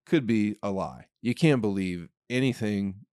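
A man's voice: fairly low pitch, measured pace, darkish tone, clear, resonant tone, no room sound, clean studio sound. A man hosting a comedy podcast, rambling in a casual monologue, swearing freely and acting out made-up scenes. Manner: rambling, profane, acts out hypothetical scenes.

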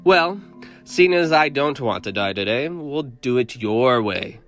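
A man voicing a smug, mocking male cleric in red robes, with a drawn-out, theatrical delivery. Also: medium pitch, animated, fairly bright tone, faint music behind. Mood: sarcastic.

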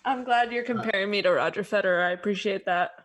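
A woman's voice: mid-range voice, quick pace, over a noisy crowd. A woman co-hosting a podcast, crying with laughter. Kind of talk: casual podcast chat.

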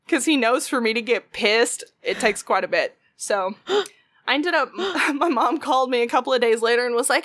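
A young woman with a drawl tells a story in casual conversation. She swears a lot and jumps into voices for the people she quotes. Her voice sits a little high, and the sound is dry and close. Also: expressive, a little fast, fairly bright tone, dry recording. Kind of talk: casual podcast chat.

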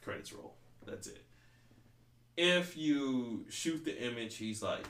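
A man's voice: medium pitch, big pitch swings, slow, a bit bright, slight background noise. Rambling, swearing male podcast host. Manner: rambling, profane, heavy use of "like". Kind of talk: casual chat. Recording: roomy echo.

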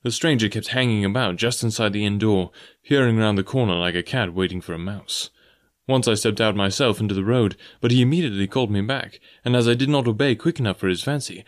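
A man reading an audiobook aloud in measured first-person narration. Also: fairly low pitch. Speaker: audiobook reader.

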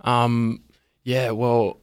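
A laid-back Australian man chats as a guest musician on a radio show, pausing often with ums. His mid-pitched voice is smooth and resonant. The studio sound around him is dry and close. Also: completely flat delivery, no room sound. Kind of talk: casual radio interview.

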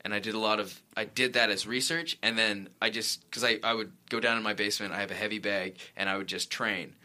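A man's voice: lowish voice, steady tone, a little fast, bright, forceful tone. A man, an actor guest, telling stories in a rambling, self-correcting way on a casual talk show. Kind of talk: casual interview chat.

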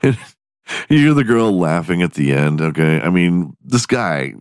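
A very deep-voiced podcast host who talks slowly, swings his pitch widely and laughs through crude, mocking commentary. His voice is close and dry, with no room sound. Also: big pitch swings, no room sound. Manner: profane, laughing often, mocking.

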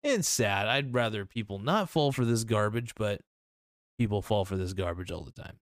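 A man's voice: lowish voice, expressive, normal speed, no echo, clean studio sound. A man giving casual reaction commentary in a blunt, rambling way, swearing freely and restarting his sentences.

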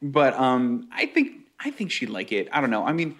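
A man's voice: medium pitch, wildly swooping pitch, normal speed, a bit bright. A married man co-hosting a podcast, chatting in an easygoing way. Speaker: podcast co-host. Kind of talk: casual chat.

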